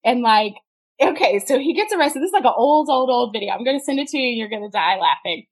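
A woman chatting as a podcast guest. She tells stories in a rambling, profane way and laughs a lot. Her voice sits a bit high. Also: expressive, quick pace, husky. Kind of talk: casual podcast chat.

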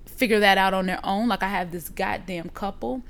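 A woman's voice: mid-range voice, a little fast, creaky. A woman in casual chat, telling a story with lots of profanity and acting out what people said. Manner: animated storytelling, profane, acts out quotes.

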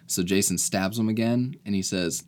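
A man's voice: fairly low pitch, normal speed, a little mellow, a little hiss or hum. A man co-hosting a casual movie review podcast, talking with dry, wry humor. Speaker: podcast co-host.

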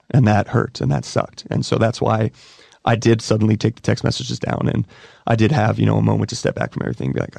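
A man in his thirties, a podcast guest talking candidly in a halting, emotional way, often restarting his sentences. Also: fairly low pitch, flat delivery, creaky, darkish tone, no room sound. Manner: emotional, halting and repeating himself. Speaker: interview guest. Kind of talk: candid conversation.

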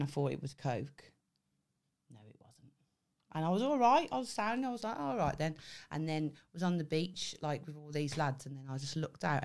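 A woman, telling a wild story on a casual podcast and swearing freely. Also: low-pitched. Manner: animated storyteller, swearing, acts out voices with laughter. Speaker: podcast co-host. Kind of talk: casual chat.

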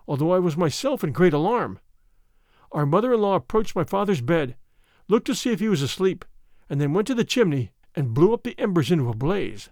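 Male audiobook narrator, dramatic measured delivery, animated pitch. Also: dry recording, clean studio sound. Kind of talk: scripted first-person narration.

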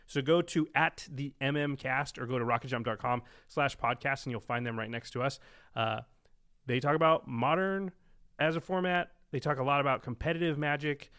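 A man's voice: medium pitch, normal speed, fairly bright tone, clear, resonant tone. A man co-hosting a podcast about a card game, chatting casually with his co-host and often trailing off with fillers. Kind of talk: casual chat.

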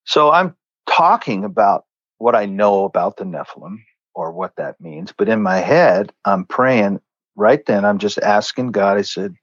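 Low-voiced earnest man telling a story. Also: expressive, measured pace, dry recording, lo-fi sound. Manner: earnest, conversational, acts out quoted lines. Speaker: guest. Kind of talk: storytelling in a faith interview.

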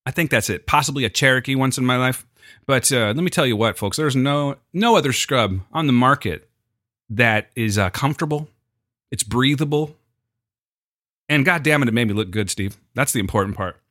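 A man's voice: medium pitch, moderate pace, fairly bright tone, no echo, clean studio sound. A young man co-hosting a casual chat, joking and rambling with mock-serious asides. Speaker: podcast co-host.

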